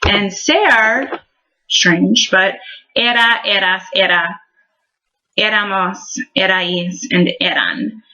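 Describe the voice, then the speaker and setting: A woman's voice: medium pitch, slow pace, bright, forceful tone, muffled recording. A woman explaining verb endings in a recorded language lesson, friendly and patient, with frequent ums. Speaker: Spanish teacher.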